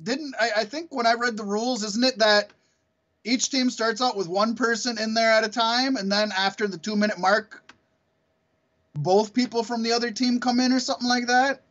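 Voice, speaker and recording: A man's voice: very high voice, steady tone, moderate pace, a bit bright, highs cut off. A man co-hosting a podcast, chatting casually, rambling and swearing with frequent laughter. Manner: rambling, profane, laughs often. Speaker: podcast co-host. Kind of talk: casual chat.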